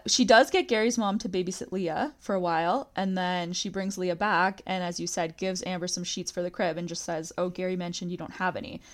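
A woman hosting a podcast, casually recapping a reality show, talking with lots of "like" and quoting scenes. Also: fairly low pitch. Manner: chatty, recounts scenes with quoted lines, frequent "like". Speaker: podcast host.

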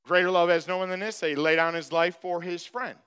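A man's voice: high-pitched, steady tone, quick pace, a bit bright, smooth. A man preaching a sermon as pastor, who speaks straight to the congregation and drives his points home by repeating phrases.

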